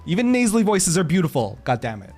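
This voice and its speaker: A man streaming a game, chatting casually with his chat, animated, laughing often and swearing freely. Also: sits high, fast talker, faint music behind.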